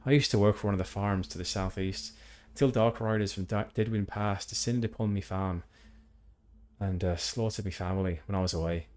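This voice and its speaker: A man's voice: fairly low pitch, fairly even intonation, fairly quick, darkish tone, natural voice. A man voicing a vengeful human farmer-fighter in a put-on Northern Irish accent, reading quest text earnestly.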